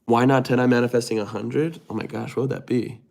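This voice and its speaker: A man's voice: medium pitch, steady tone, a little fast, creaky, a little mellow. A young man streaming live, casually reading viewer comments aloud and answering them. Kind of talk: casual livestream chat.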